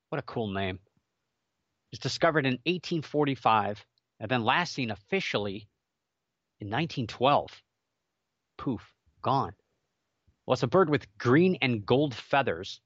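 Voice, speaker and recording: A man's voice: mid-range voice, fairly bright tone, no echo, muffled recording. A man hosting a casual solo show, chatty and rambling with jokey asides and many fillers. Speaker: podcast host.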